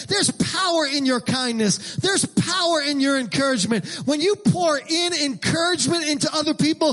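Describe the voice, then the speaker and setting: A middle-aged man preaching a sermon as pastor, emphatic and repetitive, rising into shouted lines. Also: extremely high pitch.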